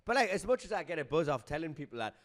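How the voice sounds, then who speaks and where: Fast-talking man telling comedy gig stories. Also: on the high side. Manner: animated storyteller, swears freely. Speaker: guest comedian. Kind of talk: casual podcast chat.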